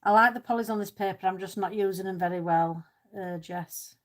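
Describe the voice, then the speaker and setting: A woman's voice: medium pitch, a little fast. A woman chatting casually during a colouring live stream, reading out and answering viewers' comments with easy, self-deprecating humour. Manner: self-deprecating, laughs easily. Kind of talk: casual chat while colouring.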